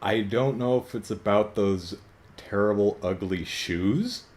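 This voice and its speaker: A man's voice: lowish voice, a little slow, a little mellow. A man in his thirties talking casually in a wry, self-deprecating way, sometimes building up to exasperated emphasis. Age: 30s. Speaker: comic book reviewer. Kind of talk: casual vlog commentary.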